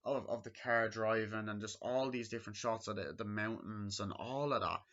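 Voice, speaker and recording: A man's voice: lowish voice, moderate pace, a bit bright. A man casually reviewing a movie, rambling and packing his talk with fillers like "um" and "you know". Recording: dull lo-fi recording.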